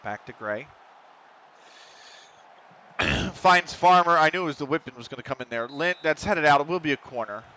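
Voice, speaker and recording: A man commentates a football management game on a live stream, getting excited and swearing freely. He addresses the on-screen players directly in a bright, forceful, slightly high voice.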